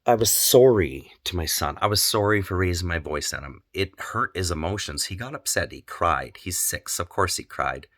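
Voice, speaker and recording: Low-voiced male vlogger, earnest and repetitive, dry close sound. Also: lively intonation, normal speed, hardly any pauses, fairly bright tone, no room sound. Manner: earnest, repeats phrases for emphasis. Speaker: parenting vlogger. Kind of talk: candid personal monologue.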